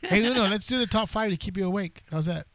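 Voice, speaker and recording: A man's voice: sits high, quick pace, a bit bright. A man co-hosting a casual podcast, chatty and loose, full of "dude" and "like.". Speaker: podcast co-host.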